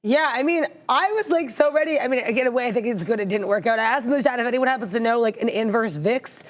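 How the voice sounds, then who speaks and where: A woman's voice: a little high, quick pace. A woman co-hosting a live trading show, chatty and playful, reading viewer comments and talking through charts. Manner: chatty, playful, reads chat comments aloud.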